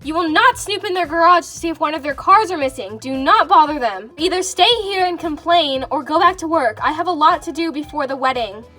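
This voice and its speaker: A woman's voice: sits high, animated, fairly quick, few pauses, sharp tone, faint music behind. A woman voicing an exasperated wife who scolds bluntly in a toy figure drama.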